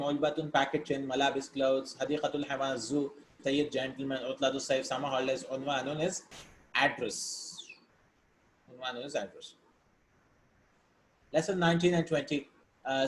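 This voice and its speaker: A man teaching an Arabic lesson, reading Arabic words and sentences, explaining them step by step in English and checking in with "right?". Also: a little high. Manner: explains step by step, asks "right?" between points. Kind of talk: recorded language lesson. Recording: echoey room with faint background hiss.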